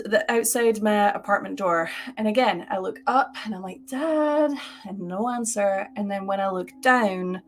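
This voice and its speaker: Animated woman telling a ghost story. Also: medium pitch. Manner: animated, lots of "like" fillers. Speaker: podcast co-host. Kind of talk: casual live-stream storytelling. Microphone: webcam on a live stream.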